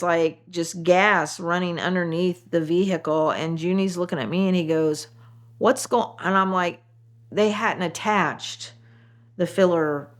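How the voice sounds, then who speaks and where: A woman from Indiana who sells cars, telling stories in a casual, animated way and acting out her customers' lines. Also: deep voice. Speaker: car saleswoman. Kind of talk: casual storytelling. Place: Kansas.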